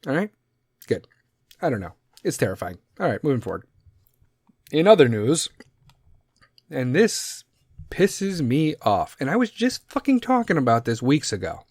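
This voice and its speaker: A male podcast host rants bluntly and sarcastically, swearing in nearly every sentence. His voice swings widely between low grumbles and high emphatic peaks. The recording is dry and close, with no room sound. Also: wildly swooping pitch, normal speed, long pauses, darkish tone, husky, dry recording. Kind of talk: profane solo podcast rant.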